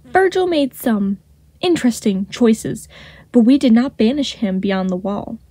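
A woman voicing a cold, menacing leader who speaks in a cool, measured way. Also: on the high side, big pitch swings, dark tone, breathy edge, dry recording, exaggerated voice.

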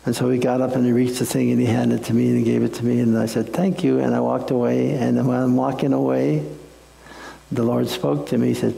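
Gravelly-voiced man preaching a folksy sermon. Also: medium pitch, level tone, fairly quick, warm tone, roomy sound, long reverb tail, poor audio. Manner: storytelling, folksy and conversational. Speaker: pastor.

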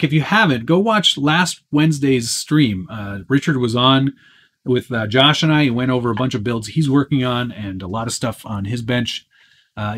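Casual man hosting a live Q&A. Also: mid-range voice. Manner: relaxed and chatty, answering viewer questions, with frequent fillers. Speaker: host of a live Q&A stream. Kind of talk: casual live-stream chat.

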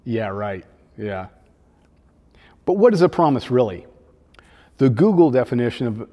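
Mellow-voiced pastor preaching in reverberant hall. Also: male voice, medium pitch. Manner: conversational, gently humorous preaching. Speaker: children's pastor. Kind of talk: sermon.

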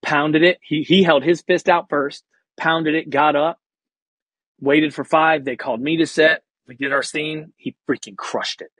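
Husky-voiced man telling a lively story. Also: on the high side, a little slow, no echo. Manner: energetic, acts out quoted voices; casual slangy phrasing. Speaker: podcast guest, actor and comedian. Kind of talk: animated storytelling.

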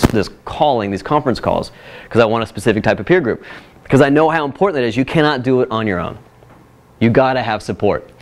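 A man presenting at a workshop, telling a personal story in a casual, animated way with frequent asides to the audience. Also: medium pitch. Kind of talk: casual workshop talk with slides.

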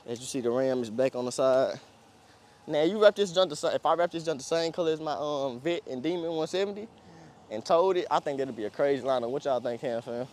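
Speaking fairly quickly in a high-ish, slightly mellow voice, a young man laughs his way through a casual outdoor walkaround of a pickup truck. He's a car vlogger with a slangy, rambling style.

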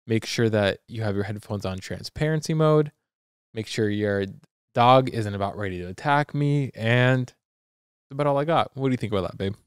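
Rambling, animated young man, clear voice. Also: fairly low pitch, dry recording, clean studio sound. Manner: animated storyteller, loose and rambling. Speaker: podcast co-host. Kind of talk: casual chat.

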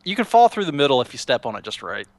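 A man's voice: medium pitch, big pitch swings, fast, no echo. Guy rambling on while showing off a game server, stumbles and restarts a lot, dry close sound. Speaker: Minecraft server co-player. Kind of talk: casual gameplay chat.

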